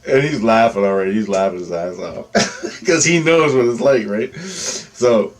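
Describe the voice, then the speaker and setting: A man tells a personal story in a loose, rambling way, full of restarts and fillers. His voice sits on the low side. He acts out what others said as he goes. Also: animated, unhurried. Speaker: vlogger telling personal experiences. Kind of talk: casual storytelling.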